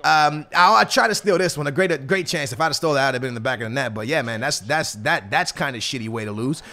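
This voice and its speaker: A young man giving slangy, excitable commentary over a football video game, swinging between hype and grumbling. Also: medium pitch, fast talker. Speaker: gaming YouTuber. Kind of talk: gameplay commentary.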